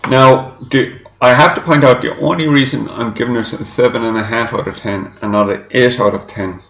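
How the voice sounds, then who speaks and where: A man's voice: mid-range voice, steady tone, moderate pace, creaky, a bit bright, echoey room, highs cut off. A man giving a chatty, rambling product review to camera, often repeating himself. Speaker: e-liquid reviewer.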